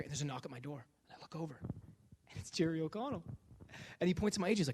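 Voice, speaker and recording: Guy telling a funny story in a lecture, kinda high voice, really bouncy and animated. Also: racing, noisy background. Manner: animated, self-deprecating, acts out dialogue.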